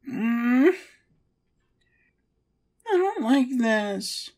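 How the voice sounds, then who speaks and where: Woman, audio role-play performer. Pouty and whiny, very slow delivery, lively pitch.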